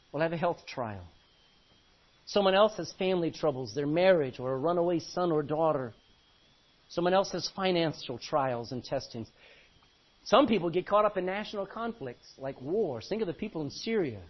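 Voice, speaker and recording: A man preaching a sermon with animated delivery, swinging from quiet to loud. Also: high-pitched, muffled recording.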